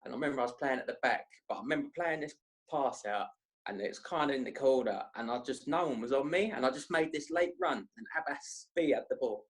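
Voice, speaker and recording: A young man tells long, rambling stories in a casual, slangy way. His voice sits in an ordinary middle register, and he keeps the energy animated as he talks. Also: medium pitch, fast talker. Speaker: podcast guest. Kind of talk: casual storytelling chat.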